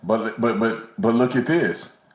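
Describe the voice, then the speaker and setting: A man's voice: on the low side, unhurried, echoey room, poor audio. A man co-hosting a casual commentary livestream, talking bluntly and animatedly, often stumbling and repeating words. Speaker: co-host.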